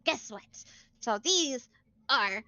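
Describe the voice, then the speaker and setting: A woman voicing a flustered young female scholar who gushes and chatters in a high, excitable voice. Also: slow pace, no room sound, exaggerated voice. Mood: excited, chatty. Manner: gushing, high-pitched, excitable. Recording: lo-fi with faint music.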